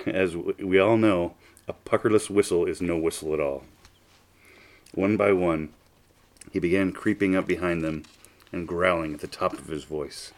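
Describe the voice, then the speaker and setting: A man with a very low voice reads a children's storybook aloud. He keeps his delivery unhurried and expressive, drawing out phrases as he goes. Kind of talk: storybook reading.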